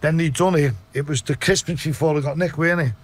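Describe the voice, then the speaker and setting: A middle-aged man from Liverpool, England, with a Liverpool accent, tells his story as a podcast guest in a blunt, sweary interview. He speaks at a quick pace with fairly even intonation, retelling events in a low voice.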